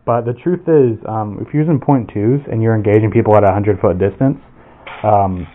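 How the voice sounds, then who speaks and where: Tinny, low-voiced man rambling about gear. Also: normal speed. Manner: rambling and profane, with frequent restarts. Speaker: airsoft gear reviewer. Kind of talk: casual product demo. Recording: tinny phone-like audio with faint noise.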